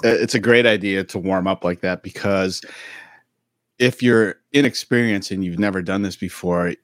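Male podcast co-host, low voice, dry sound, easygoing and meandering. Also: normal speed, a bit bright, dry recording. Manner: rambling, loose storytelling with many fillers. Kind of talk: casual podcast chat.

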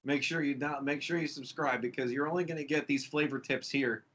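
A man's voice: mid-range voice, steady tone, a little fast, fairly bright tone, slight background noise. A man from Milwaukee, a comic artist guest on a podcast, chatting casually in a joking, playful way. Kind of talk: casual chat. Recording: muffled lo-fi audio.

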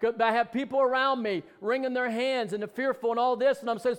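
Man, preacher, very high voice, fervent sermon, loud declarations, joking asides. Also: brisk, hardly any pauses, clean tone.

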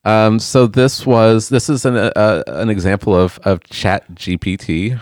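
A man hosting a podcast in casual chat, genial and halting, with frequent restarts. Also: fairly low pitch, steady tone, a little mellow, no room sound, studio quality. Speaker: podcast host.

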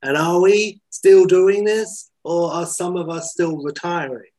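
A man voicing an excitable, incredulous younger male crook with a shrill, agitated delivery. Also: unhurried, natural voice, poor audio.

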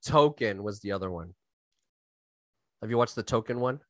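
A man with a lively voice swings widely up and down in pitch as he jokes and tells stories. His voice is mid-pitched, and the close mic gives a dry sound. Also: normal speed, dry recording. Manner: joking, animated storyteller. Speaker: podcast co-host. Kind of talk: casual chat.

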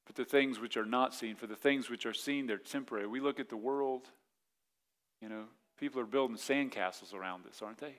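A man in his forties preaching a sermon as pastor, in a conversational way, acting out quick voiced asides. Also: medium pitch, a bit bright.

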